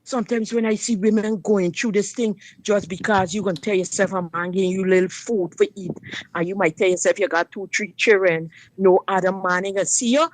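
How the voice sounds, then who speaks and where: A woman's voice: mid-range voice, fairly even intonation, fairly quick. A woman tells a personal story on a talk show, speaking emphatically and turning often to the listener. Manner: emphatic dialect storytelling, addresses listener directly. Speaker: guest sharing personal story.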